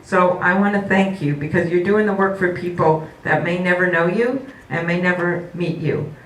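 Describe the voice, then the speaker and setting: A woman's voice: on the low side, normal speed. A woman politician giving a campaign speech at a forum, telling stories with hesitant fillers. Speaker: political candidate. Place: indoor forum hall. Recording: echoey hall from far off, faint noise.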